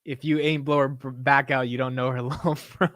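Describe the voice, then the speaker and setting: A man's voice: mid-range voice, level tone, moderate pace, fairly bright tone, dry recording. A young man hosting a casual late-night livestream, chatting in laid-back slangy banter and laughing often. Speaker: livestream host.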